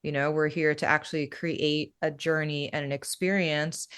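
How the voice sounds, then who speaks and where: A breathwork facilitator with a low-pitched, smooth voice describes her practice at a moderate pace. She sounds relaxed and casual, peppering her talk with "you know" and "right?"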